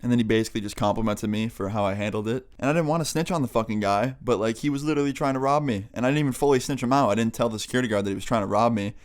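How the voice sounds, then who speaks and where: A young man, a vlogger, telling a casual story time, chatty and profane. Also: medium pitch. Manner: rapid, profane, chatty retelling.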